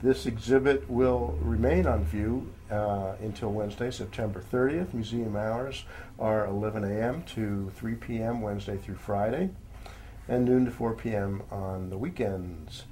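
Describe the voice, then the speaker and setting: Chatty low-voiced man recommending outings. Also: unhurried, warm tone, slight background noise. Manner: chatty and rambling, many fillers, addresses listeners as folks. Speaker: magazine editor giving weekend picks. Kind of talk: casual spoken recommendations.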